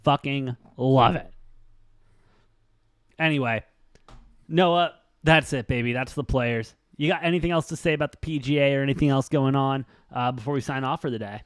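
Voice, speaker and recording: A man's voice: medium pitch, normal speed, clear, resonant tone, no echo, clean studio sound. A man co-hosting a sports betting show, talking casually and ranting bluntly, with lots of swearing.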